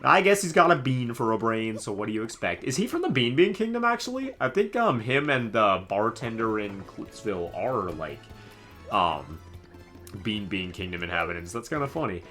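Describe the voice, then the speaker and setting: A man streaming a game live, commenting in an excitable, jokey way and laughing often. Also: on the low side, moderate pace, soft background music. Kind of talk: live let's-play commentary.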